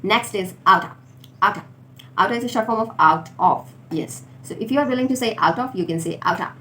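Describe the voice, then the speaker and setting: A woman teaching informal contractions, repeating each word slowly for learners. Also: mid-range voice, bright, forceful tone. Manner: slow, deliberate drilling of words. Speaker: English teacher. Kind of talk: spoken English lesson for learners. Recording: faint background noise.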